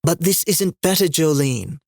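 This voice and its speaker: A man's voice: fairly high pitch, expressive, a little slow, creaky, no room sound, clean studio sound, pitched above the performer's own voice. A man reading the lines of an earnest male spiritual guide under strain in an audiobook, trying to sound reasonable.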